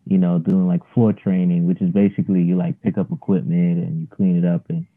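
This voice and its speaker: A man's voice: deep voice, little pitch movement, brisk. A man in his thirties telling a story as an interview guest, laid-back and rambling with lots of fillers. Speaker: guest, yoga practitioner. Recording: phone-like narrow line.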